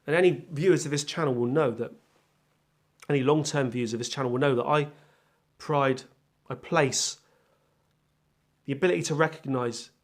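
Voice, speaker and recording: A man with a somewhat high voice shares loose first impressions of an album. He rambles in a friendly way and stops to think aloud. He pokes fun at himself as he goes. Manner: chatty, self-deprecating, thinks aloud with pauses. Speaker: music channel host.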